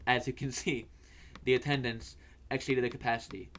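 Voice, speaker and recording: A man's voice: medium pitch, flat delivery, moderate pace, fairly bright tone. A young man hosting a fantasy football video, telling a story in a rambling way, stammering and repeating words and swearing casually.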